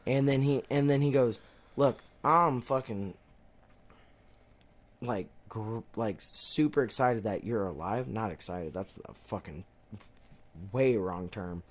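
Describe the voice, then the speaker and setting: A man's voice: fairly low pitch, slow, long pauses. Swearing rambling young man telling stories. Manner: rambling storyteller, swears a lot, acts out quotes. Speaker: podcast co-host. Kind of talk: casual chat.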